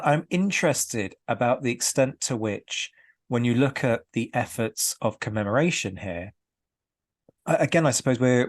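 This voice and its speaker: A man hosting an interview podcast, asking long, thoughtful questions with hesitant ums. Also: fairly low pitch. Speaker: podcast host.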